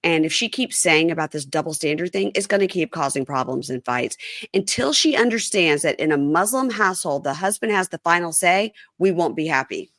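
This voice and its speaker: A woman's voice: on the low side, expressive, brisk, a bit bright, no echo, clean studio sound. A woman hosting a podcast in casual chat, blunt and opinionated. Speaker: podcast host.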